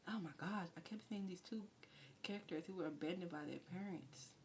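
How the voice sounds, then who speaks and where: A woman with a slightly low voice reading tarot live, chatting freely with her viewers. She is effusive and personal and often slips into a hushed whisper. A faint hum of room noise sits behind her. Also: fairly quick. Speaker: tarot reader.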